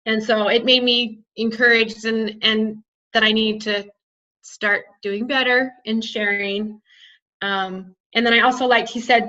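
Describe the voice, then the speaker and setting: A woman's voice: fairly high pitch, bright, forceful tone. A woman sharing takeaways as a coach in a casual group chat, emotional and apologetic, laughing often. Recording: dull lo-fi audio.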